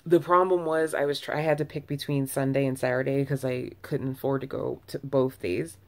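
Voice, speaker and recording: A woman's voice: extremely low pitch, level tone, fairly quick, a little mellow. A woman vlogger talking to camera in a loose, candid ramble, full of restarts and self-corrections, with sighs between thoughts. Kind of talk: casual early-morning ramble to camera.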